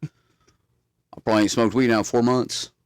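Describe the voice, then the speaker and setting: A man's voice: medium pitch, steady tone, unhurried, clear, resonant tone. A man, rambling through stories in a casual chat as podcast host. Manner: rambling storyteller, drawling, swears freely.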